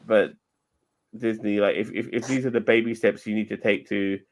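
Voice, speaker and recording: Blunt, low-voiced man. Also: flat delivery, moderate pace. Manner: blunt, opinionated, sweary. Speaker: podcast co-host. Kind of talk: casual chat.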